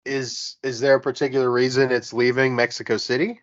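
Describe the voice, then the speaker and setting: A man's voice: medium pitch, flat delivery, a little fast. A man co-hosting a podcast, offering brief, musing reactions in casual chat. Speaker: podcast co-host. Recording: dull lo-fi sound.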